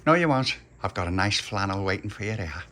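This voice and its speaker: A brisk working-class mum scolds her kids, as a man puts her on. She is bossy but loving and talks in a bright, lively, no-nonsense way. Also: fairly low pitch. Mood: scolding.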